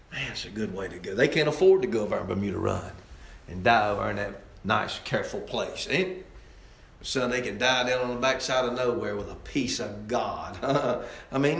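A man preaching with real fire, his voice climbing into shouts and then dropping to near murmurs. He sits at an ordinary middle pitch. The sound carries the roomy echo of a church sanctuary. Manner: impassioned, swings from loud outbursts to low asides. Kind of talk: fiery sermon.

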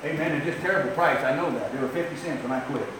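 An older man preaching a storytelling sermon to a congregation, emphatic, swinging from loud outbursts to quiet asides. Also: a little high, quick pace, background noise. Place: church sanctuary. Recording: very echoey, distant mic.

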